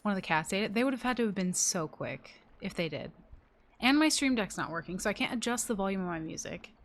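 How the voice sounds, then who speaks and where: A woman streamer talks to her chat from her desk at home, loose and rambling. She sounds fed up and swears freely, with a voice that sits at an ordinary middle pitch for a woman. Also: animated, quick pace. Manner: exasperated, rambling, swears a lot. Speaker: live streamer. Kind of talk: casual live-stream chat.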